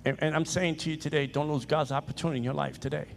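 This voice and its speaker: A man preaching a sermon, repeating phrases with emphasis and moving between loud exhortation and quiet personal stories. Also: fairly high pitch, fairly even intonation, racing, vocal fry, faint music behind.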